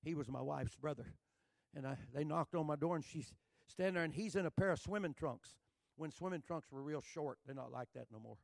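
An older man from Texas with a Texan accent, telling a folksy, joking sermon story that builds to shouting. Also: a little high, brisk, creaky, no echo, studio quality. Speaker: preacher.

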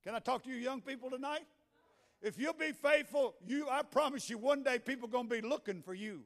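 A man in his sixties with a Southern US accent, preaching a Pentecostal sermon as pastor, moving from quiet storytelling to shouted preaching in a church. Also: extremely high pitch, fast. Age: 60s. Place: church sanctuary. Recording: echoey hall with long reverb.

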